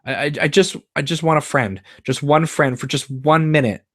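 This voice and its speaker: A man reading the part of a restless, troubled teenage girl with a halting, wry delivery. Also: mid-range voice, expressive, no echo, clean studio sound, lightly acted. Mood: needy.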